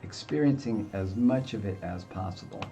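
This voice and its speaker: A man's voice: lowish voice, moderate pace, mellow, dull audio, a little hiss or hum. An older man hosting a gaming video, giving chatty, self-deprecating commentary as he plays. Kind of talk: casual gameplay commentary.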